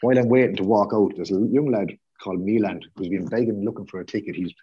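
A man telling a lively, profane story on a casual podcast, acting out what people said. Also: fairly low pitch, fast talker, slightly rough, no room sound, highs cut off. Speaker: podcast guest, football fan.

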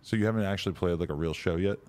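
A man's voice: low voice, racing, a little mellow. A man hosting a casual podcast interview, rambling and swearing, laughing often. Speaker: podcast host.

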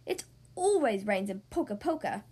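A woman voicing an anxious, excitable king in a storybook read-aloud, speaking in a raised, pleading, worried way. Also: mid-range voice, normal speed, slightly rough, voice pushed down.

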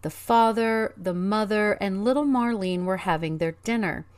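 Woman reading a fairy tale aloud. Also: mid-range voice. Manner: measured, expressive reading. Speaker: narrator. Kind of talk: storybook narration.

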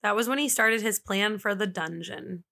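Bright-voiced woman telling a true-crime story. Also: mid-range voice, moderate pace, vocal fry. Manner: chatty, frequent "like" fillers, laughs easily. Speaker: podcast host.

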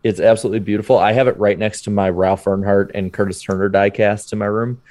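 A man's voice: on the low side, fairly even intonation, quick pace, darkish tone. A man co-hosting a podcast in casual chat, loose and enthusiastic with lots of fillers. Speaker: podcast co-host.

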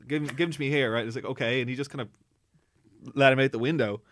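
A man's voice: medium pitch, steady tone, racing, fairly bright tone. An Irish man telling a rambling comic story on a podcast, acting out the people in it. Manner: rambling anecdotal, acts out quoted people.

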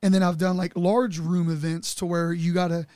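A man's voice: high voice, little pitch movement, normal speed, darkish tone, no room sound, clean studio sound. A middle-aged man hosting a podcast interview, rambling and chatty with lots of fillers. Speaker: podcast host and DJ. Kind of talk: casual interview chat.

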